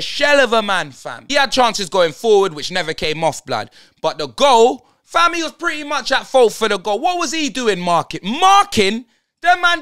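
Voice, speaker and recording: Young man, fan-channel host; exasperated slang rant, high and animated. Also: smooth. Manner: slang-heavy, exasperated ranting. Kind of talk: fan player-ratings rant.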